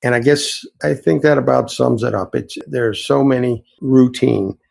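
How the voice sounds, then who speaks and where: A man's voice: medium pitch, moderate pace, creaky, darkish tone, rough recording. A man, an innkeeper, earnestly telling reflective, rambling stories as an interview guest. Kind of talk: storytelling interview answers.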